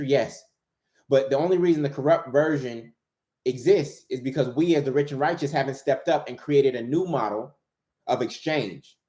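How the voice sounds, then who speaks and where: With a mid-range, darkish voice, a male author and motivational speaker gives a preacher-style spiritual pep talk, driving home key phrases through repetition. The room echoes noticeably around him.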